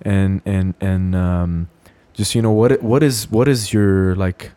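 Male podcast host, easygoing, laughs a lot, halting restarts. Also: low-pitched, steady tone, warm tone, clear, resonant tone. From Lebanon. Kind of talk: casual podcast interview.

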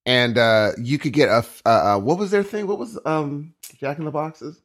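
A man's voice: fairly high pitch, moderate pace. A man co-hosting a podcast in casual chat, telling stories and breaking into silly voices. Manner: animated storyteller who jumps into silly voices. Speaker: podcast co-host.

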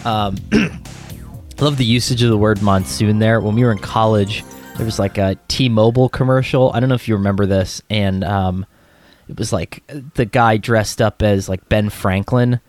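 A young man co-hosts a sports podcast in a fairly low, slightly mellow voice at a moderate pace, with faint music in the background. His chat is loose and chatty, packed with fillers.

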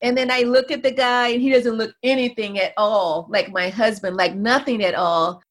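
A woman's voice: on the high side, fairly even intonation, moderate pace. A woman researcher and mother, a guest in an interview, explaining at length and often checking in with "right?" and "you know".

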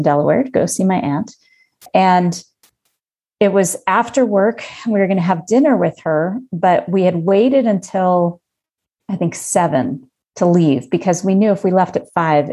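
A woman in her fifties telling a personal story in casual conversation, lively and acting out her own past thoughts. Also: fairly low pitch. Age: 50s.

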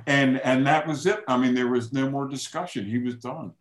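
A man's voice: mid-range voice, normal speed. A man hosting a casual chat, telling stories and acting out the quoted dialogue. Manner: lively anecdote teller, acts out quoted dialogue. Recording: roomy echoey room.

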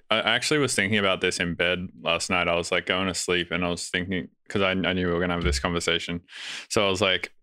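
A man's voice: deep voice, bright, forceful tone, clean tone, no room sound, studio quality. A man with an Australian accent chatting casually as a podcast guest, laid-back and swearing freely. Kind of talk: casual chat.

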